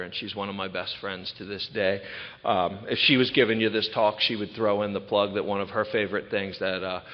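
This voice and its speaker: A man in his thirties from Maryland telling his recovery story candidly to a large gathering. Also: low voice. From Ocean City, Maryland. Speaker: recovery speaker. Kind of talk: personal testimony talk. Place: large event hall. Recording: echoey hall, dull lo-fi sound.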